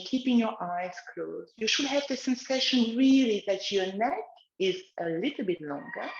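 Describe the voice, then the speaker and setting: Slow, gentle woman guiding a relaxation exercise. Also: a little high, reverberant, highs cut off. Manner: slow, gentle guiding of breathing and neck movements. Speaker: wellness instructor. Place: outdoors in the countryside, chickens nearby.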